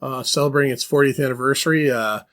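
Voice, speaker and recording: A man's voice: mid-range voice, fairly even intonation, fast, a bit bright. A man hosting a film podcast, giving scores and moderating the chat in an easygoing way. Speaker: podcast host. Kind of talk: casual film review chat.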